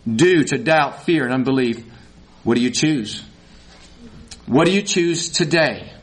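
A man preaching a sermon in a folksy, animated way, rising to high emphatic peaks. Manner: folksy, says y'all.

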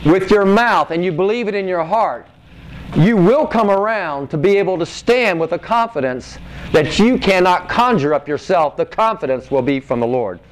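A man's voice: high voice, lively intonation, normal speed, poor audio. A man preaching a conversational sermon to a congregation, reading scripture and asking the room questions. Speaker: pastor.

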